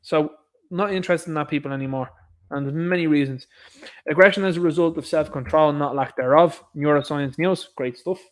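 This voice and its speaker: Irish male host, sarcastic headline-ranting commentary, voice sits a little high. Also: fairly quick. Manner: indignant, sarcastic, reads headlines aloud then riffs.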